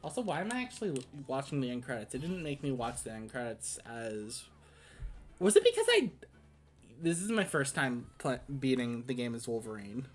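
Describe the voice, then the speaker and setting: Brief: chatty rambling gamer streamer, lively swooping pitch, faint music under. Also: brisk, hardly any pauses. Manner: rambling, full of "like" and restarts, laughs often. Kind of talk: casual gameplay commentary.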